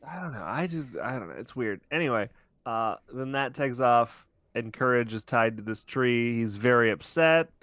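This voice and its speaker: A man's voice: mid-range voice, lively intonation, moderate pace, a bit bright, no echo. A man co-hosting a podcast, casually recapping a cartoon episode in a rambling, explaining way. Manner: rambling, restarts, detailed explainer. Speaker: podcast co-host.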